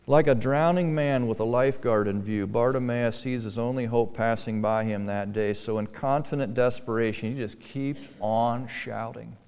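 A man's voice: medium pitch, steady tone, normal speed, hardly any pauses, a little mellow, clear, resonant tone. A man preaching a sermon to a church congregation, earnest, his voice swelling and dropping for emphasis. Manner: earnest, rising and falling for emphasis, acted-out pleading quotes. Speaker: pastor. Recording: reverberant church hall.

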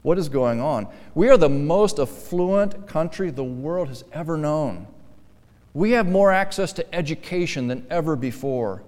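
Man preaching with a smooth, resonant voice. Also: on the high side, lively intonation, a little slow, long reverb tail. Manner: emphatic preaching, swinging between quiet asides and forceful stressed lines. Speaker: pastor. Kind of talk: sermon.

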